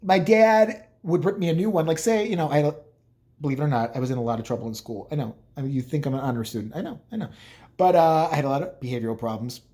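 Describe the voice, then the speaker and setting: A man's voice: fairly high pitch, fast, warm tone. A man vlogging casually, telling rambling, profane, joking stories about his family. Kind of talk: casual storytelling.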